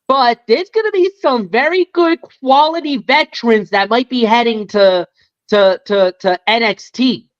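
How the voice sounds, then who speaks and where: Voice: medium pitch, a little slow. A wrestling podcast co-host talking animatedly, repeating words and breaking into exclamations. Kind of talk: casual recap chat. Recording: dull lo-fi audio.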